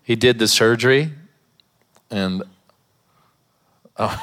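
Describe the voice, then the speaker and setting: A man's voice: mid-range voice, takes it slowly, fairly bright tone. A man, a pastor, preaching a sermon in a church, mixing scripture with a humorous personal story and laughing often.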